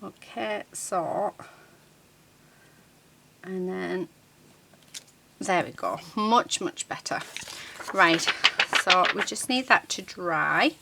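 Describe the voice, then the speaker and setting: A woman's voice: fairly low pitch, gravelly, background noise. A woman hosting a casual card-making tutorial. She talks her viewers through each step while she works at her crafting desk, with plenty of ums and restarts. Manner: chatty, unhurried, many ums and restarts.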